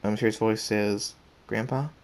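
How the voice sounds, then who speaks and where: A man narrating his own fan fiction in a low voice. The delivery is flat and plain, with small restarts. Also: normal speed. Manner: plain, even reading with restarts. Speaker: storyteller.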